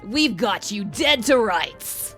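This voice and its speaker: A gruff, gravelly male inspector with a put-on New York accent, as a woman does the voice, clipped and blunt. The voice sits lower than her own and swings widely in pitch. Faint game music plays behind. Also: sing-song, fairly bright tone. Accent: attempted New York. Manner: hard-boiled detective slang, slow and clipped. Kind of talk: reading game dialogue aloud in a put-on voice.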